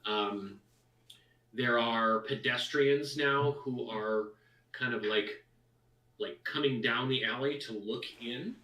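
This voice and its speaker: A man narrating a tabletop game as dungeon master in a casual, halting way. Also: mid-range voice, sharp tone, echoey room, distant mic, rough recording.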